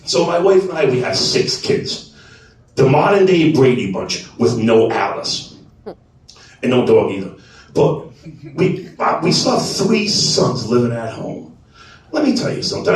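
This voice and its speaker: A man in his forties doing a stand-up set, animated and profane, bursting into loud shouts. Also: medium pitch. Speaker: stand-up comedian. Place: comedy club stage. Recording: echoey club room picked up from a distance.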